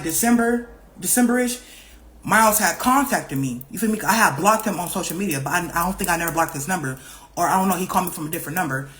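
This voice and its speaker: A young woman telling her story on camera in a loose, chatty way, swearing freely and circling back over the same points. She keeps her pitch in the middle range for a woman's voice and jumps into other people's lines as she goes. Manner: animated, profane, repeats herself, acts out other people's lines. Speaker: vlogger. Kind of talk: casual storytime vlog.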